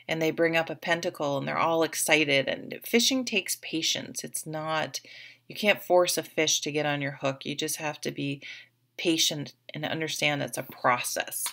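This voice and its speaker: A woman's voice: low-pitched, gravelly, fairly bright tone. A woman giving a casual, chatty tarot reading to the camera, rambling a little with restarts and asides. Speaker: tarot reader.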